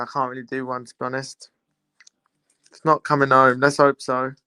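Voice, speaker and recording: A man's voice: mid-range voice, little pitch movement, normal speed, bright, forceful tone, clear, resonant tone, dry recording. A young man, casually chatting and teasing his viewers while hosting a live football watchalong. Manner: chatty, teasing banter with chat. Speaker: livestream host.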